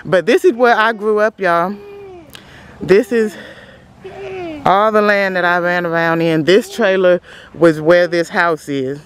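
A woman's voice: on the low side, measured pace, pauses often. A woman from Louisiana with a Southern accent, talking casually and emotionally to her viewers while filming outdoors on a handheld phone. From Louisiana, USA. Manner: chatty, emotional, keeps calling viewers "y'all". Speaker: vlogger. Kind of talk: casual vlog chat to viewers. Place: outdoors at a rural family property. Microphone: handheld phone camera.

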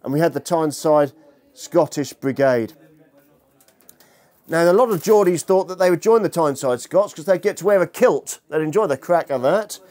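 Man, historian lecturing, mellow warm tone, fairly high voice, jokey asides. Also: normal speed. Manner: lively, humorous, chatty with the audience. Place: lecture room with an audience.

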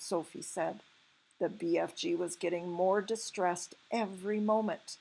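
A woman teacher reads a children's novel aloud at a slow, careful pace. Her voice is gravelly and a little husky, and she ends by giving her class a small assignment. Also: lowish voice, poor audio. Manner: expressive, gives homework. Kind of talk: read-aloud storytelling.

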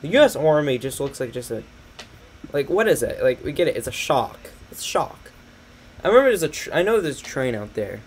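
A man's voice: medium pitch, very animated, brisk, slight background noise. A young man rambling through a train catalog on a stream, sarcastic and swearing a lot, laughing often. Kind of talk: casual commentary over a catalog.

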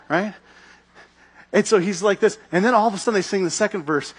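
Husky, high-voiced man preaching. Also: fast talker. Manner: animated storytelling, acting out scenes. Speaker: pastor. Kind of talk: sermon.

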